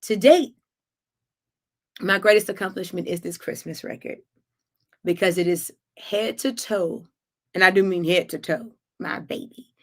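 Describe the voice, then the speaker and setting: A woman's voice: lowish voice, measured pace, pauses often. A middle-aged woman singer chatting effusively to viewers on her weekly livestream. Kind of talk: casual livestream chat.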